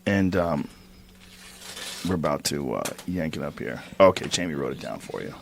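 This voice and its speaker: A man hosting a podcast interview, relaxed and asking short, direct questions. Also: a bass voice, normal speed, gravelly, a little hiss or hum. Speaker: podcast host. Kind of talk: casual interview. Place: podcast studio.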